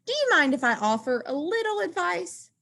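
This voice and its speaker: A woman reading aloud and voicing a small, squeaky male mouse who is bossy but kind. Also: sing-song, creaky, pushed and bright, full character voice. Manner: squeaky, quick and chirpy.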